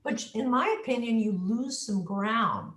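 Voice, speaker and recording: On a video call in an echoey room, a woman speech coach speaks a little slowly at a fairly high pitch. In this coaching interview she animatedly explains pronunciation, sounding words out as examples.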